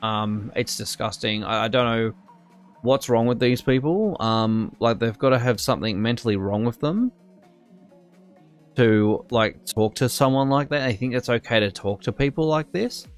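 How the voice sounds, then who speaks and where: A man's voice: medium pitch, normal speed, smooth, soft background music. A young Australian man telling a work story in a casual, rambling way, full of fillers and restarts and getting indignant. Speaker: streamer.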